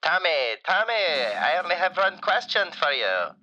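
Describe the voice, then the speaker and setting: Caller: man voicing a deadpan falafel shop owner, broken English, bright and animated. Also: fairly high pitch, a little slow, muffled recording, full character voice. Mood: deadpan warm. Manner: broken English, drops articles, deadpan compliments. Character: warm, flattering male falafel shop owner. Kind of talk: comedic radio call-in sketch.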